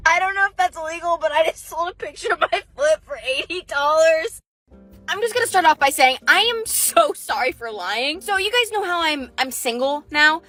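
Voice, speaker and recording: Young woman, high bright voice, animated storytime delivery with faint music underneath. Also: normal speed. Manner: animated, acts out quoted lines. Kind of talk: casual storytime monologue.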